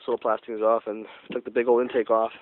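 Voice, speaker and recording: A man's voice: mid-range voice, little pitch movement, quick pace. A young man with a cold and a nasal voice, rambling through a casual car-repair update and correcting himself as he goes. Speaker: vlogger. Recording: tinny phone-like audio.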